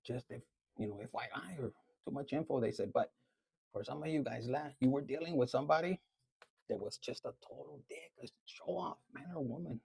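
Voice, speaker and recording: A man's voice: medium pitch, fairly quick, gravelly, a little mellow, breathy edge, dry recording. A man giving a casual tarot reading, talking bluntly and with lots of swearing. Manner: blunt, profane, chatty. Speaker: tarot reader.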